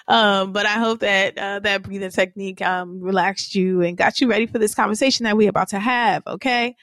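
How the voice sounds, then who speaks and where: A woman's voice: medium pitch, no room sound, studio quality. Chatty rambling woman podcast host. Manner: chatty, rambling, warm slang with listeners; guides slow breathing exercises. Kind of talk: casual podcast chat.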